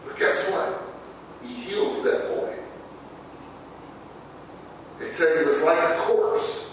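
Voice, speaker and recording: A man's voice: fairly high pitch, wildly swooping pitch, slow pace, background noise. Male pastor, easygoing preacher who acts out his quotes, recorded from a distance in a reverberant church. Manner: conversational preaching, acting out sighs and quotes. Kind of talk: sermon. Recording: echoey hall, voice from far off.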